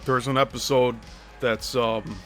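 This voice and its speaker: Man hosting a show, slow and critical, picks apart a script reading bit by bit. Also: mid-range voice, level tone, a bit bright, faint music behind. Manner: unhurried, critical, explains points step by step. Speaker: host. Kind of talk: critical commentary on a played clip.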